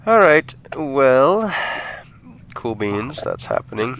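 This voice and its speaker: A man acting as dungeon master, running a tabletop game and trailing off into quiet asides. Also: mid-range voice, sing-song, slow pace.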